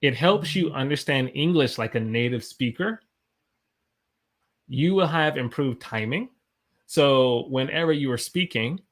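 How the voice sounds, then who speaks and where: A young man hosts a live English lesson, talking casually and warmly encouraging his viewers. His voice sits at a middle pitch, and he answers viewer comments as they come in. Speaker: English teacher, livestream host.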